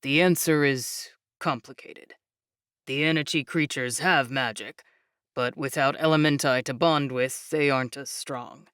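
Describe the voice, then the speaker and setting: A woman voicing a calm young man who patiently explains things in a low, measured voice. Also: smooth, no echo, clean studio sound. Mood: explaining.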